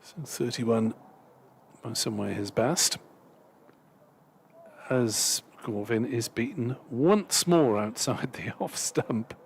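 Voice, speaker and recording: A man's voice: medium pitch, slow pace, gravelly, slight background noise. Dry, chatty male cricket co-commentator. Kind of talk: live commentary and chat.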